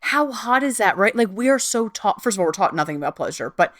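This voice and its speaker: A woman podcast host who gushes and agrees eagerly, peppering her talk with "like" and the odd curse. Her mid-pitched voice is recorded close and dry. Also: lively intonation, fast talker, no echo. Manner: enthusiastic, lots of "like" and swearing, frequent backchannel agreement. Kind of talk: casual conversational interview.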